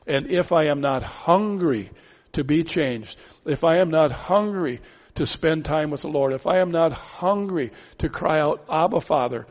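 Male preacher, slightly high voice, earnest and pleading, muffled sound in a big echoing hall. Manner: earnest, pleading, with rhetorical questions. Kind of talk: sermon. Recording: dull sound with long hall reverb.

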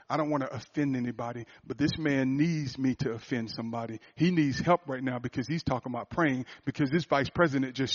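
A man who works as a motivational speaker and coach, telling a personal story in a sermon style. He talks earnestly and often restarts and repeats phrases. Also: a little high. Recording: dull lo-fi recording.

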